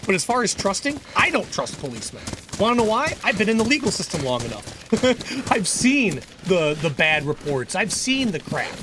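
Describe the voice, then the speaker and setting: A man talks casually on a livestream in a fairly high voice. He is earnest and opinionated, and he circles back and restarts his sentences. Steady game noise sits clearly under his speech. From United States. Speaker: gaming livestreamer and lawyer.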